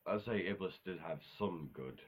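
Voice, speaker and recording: A man's voice: low voice, animated, normal speed. A man talking in a casual, unscripted monologue, rambling offhand with self-corrections and casual swearing. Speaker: video host ranking game villains.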